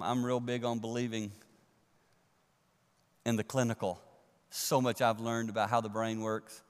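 A man preaching a sermon to a congregation, animated and swinging from loud to a near hush for emphasis. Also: medium pitch, clean tone. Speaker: pastor. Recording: long reverb of a large hall.

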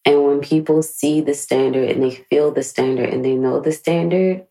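A woman's voice: deep voice, steady tone, moderate pace, dark tone, rough recording. A woman in her late thirties hosting a podcast, reflecting candidly on her life in a frank, emotional way and swearing freely. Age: 30s. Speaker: podcast host.

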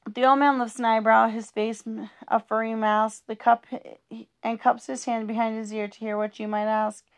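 A woman's voice: a little high, flat delivery, normal speed, smooth. Playful woman reading rhyming poems. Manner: playful, sing-song rhythm with small stumbles. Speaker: reader of children's poems.

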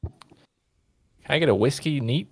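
A man's voice: medium pitch, lively intonation, moderate pace, gravelly, darkish tone, a little hiss or hum. A man playing a tabletop game, talking casually and hesitantly. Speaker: player.

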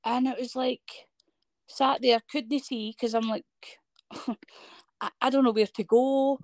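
A woman's voice: sits high, slow pace, dry recording, clean studio sound. A Scottish woman in her thirties, telling a personal story in conversation and acting out what people said to her. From Scotland. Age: 30s. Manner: animated storytelling, acting out quoted dialogue. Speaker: guest.

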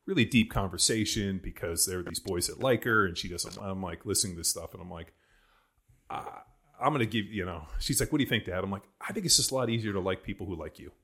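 Deep-voiced rambling man in his forties. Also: expressive, fast talker, fairly bright tone, husky. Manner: rambling, full of "like" and restarts. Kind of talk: casual chat.

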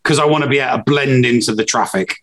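A man's voice: medium pitch, fast talker, fairly bright tone. A man with an English accent co-hosting a podcast in casual chat, giving dry, blunt opinions with plenty of fillers. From England. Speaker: podcast co-host.

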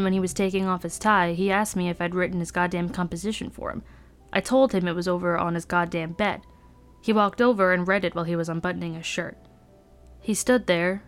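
Woman podcaster reading a book out loud, lowish voice, sardonic, faint music behind. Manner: brooding, sardonic narration. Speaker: podcast host reading a novel aloud. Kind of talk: first-person novel reading.

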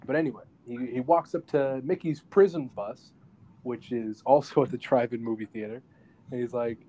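A podcast co-host, male, recaps a film scene by scene in relaxed conversation, animated and slipping into quick impressions of the characters. His pitch is medium and his pace normal. Faint background ambience and slight noise sit beneath him.

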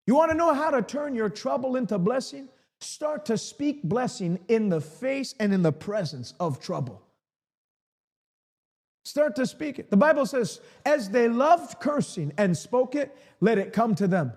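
High-voiced guy preaching hard, lines ringing in a long hall echo. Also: lively intonation, measured pace, a little mellow. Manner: emphatic, repeats key lines for emphasis. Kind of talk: live-streamed sermon.

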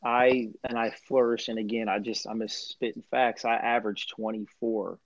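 A young man from Central Illinois with a slight country twang, a podcast guest telling his stories in a lively, laughing way. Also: on the low side, normal speed, creaky, no room sound. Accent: rural Midwestern US, slight country twang. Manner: animated storyteller, laughs often. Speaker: podcast guest, former basketball player. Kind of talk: casual chat. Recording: dull, muffled audio.

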